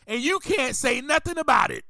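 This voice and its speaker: A man with a high, lively voice delivers a motivational podcast monologue. He speaks slowly and emphatically, driving his points home through repetition. The sound is bright and dry, with no room around it. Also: no echo, soft background music. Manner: emphatic, repeats key phrases, preacher-like. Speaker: podcast host.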